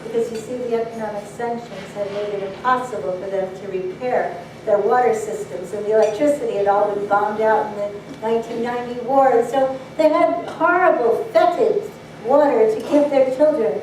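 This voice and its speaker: A woman giving a public address, telling stories in an earnest, measured way, recorded from far off in an echoey hall. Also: fairly high pitch, a little mellow, slight background noise. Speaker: speaker. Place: banquet hall.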